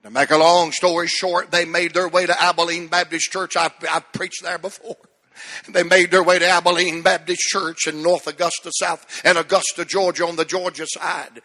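A man's voice: high-pitched, little pitch movement, normal speed, bright, forceful tone, big-room sound. A man preaching a sermon, telling a folksy story and building to fervent exhortation.

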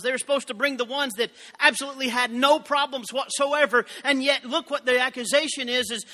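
A man's voice: extremely high pitch, sharp tone, in a large hall. A man preaching a sermon, reading scripture and telling folksy, joking asides to his congregation. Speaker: pastor.

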